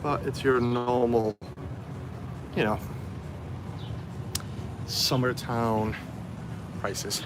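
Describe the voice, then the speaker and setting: A man's voice: mid-range voice, steady tone, very slow, pauses often, background noise. A man, fighting a cold, chatting casually on a live stream outdoors and answering viewers' comments. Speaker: vlogger livestreaming. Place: outdoors on a hot town street.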